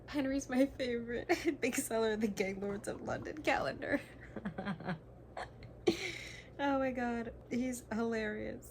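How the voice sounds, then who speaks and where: A young woman vlogging her reactions to a book she is reading, excitable and gushing, swearing freely and now and then dropping to a whisper. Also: a little high, unhurried, gravelly, slight background noise. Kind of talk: casual reading vlog reactions.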